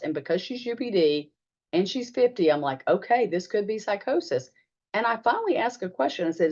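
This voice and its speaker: A woman's voice: mid-range voice, a little mellow. A middle-aged American woman, a psychologist, telling case stories conversationally in a webinar and acting out the dialogue. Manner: conversational, acts out quoted dialogue with "I'm like". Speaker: psychologist presenting a family webinar. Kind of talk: casual presentation with case stories. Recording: dull lo-fi webinar audio.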